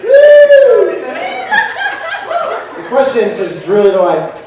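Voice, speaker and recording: A young man with a high voice works a live crowd through a loose, profane, self-mocking stand-up set. He is heard from far off in an echoey room, with audience laughter around him. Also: huge pitch swings, slow, very noisy. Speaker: stand-up comedian. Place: comedy venue in front of a live audience. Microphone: handheld microphone. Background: audience laughter and heckling.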